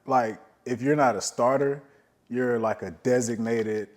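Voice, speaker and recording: A man hosting a podcast, chatting in a relaxed, slangy way and asking casual questions. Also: mid-range voice, a little slow. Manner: relaxed, slangy, lots of short backchannel replies. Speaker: podcast host. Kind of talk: casual interview chat.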